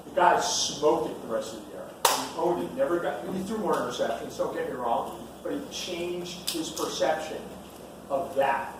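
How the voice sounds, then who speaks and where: A man tells a story to a room of students, slipping into the voices of the people in it. He speaks at a middle pitch, heard from far off in a hall full of echo with a clear background hiss. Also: moderate pace. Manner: acts out dialogue while telling stories. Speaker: retired Navy SEAL and youth football coach. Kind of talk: storytelling talk.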